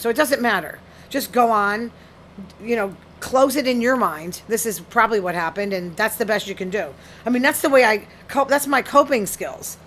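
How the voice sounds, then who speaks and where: A woman's voice: mid-range voice, a bit bright, slight background noise. A woman hosting a solo talk show, reading study findings aloud and reacting to them bluntly and frankly. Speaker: podcast host. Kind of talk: casual solo commentary reading news.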